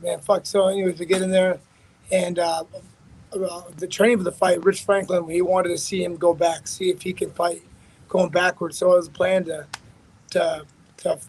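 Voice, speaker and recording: A man's voice: high-pitched, darkish tone, breathy edge, rough recording. A man, a fighter being interviewed, telling a story in a rambling, profane way with many restarts. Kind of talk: casual storytelling.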